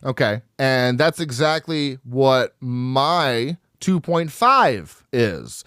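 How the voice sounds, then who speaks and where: Lively-voiced man co-hosting a podcast. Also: medium pitch, very slow, no echo, studio quality. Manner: animated, laughs often, reads reviews aloud. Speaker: podcast co-host. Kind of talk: casual chat.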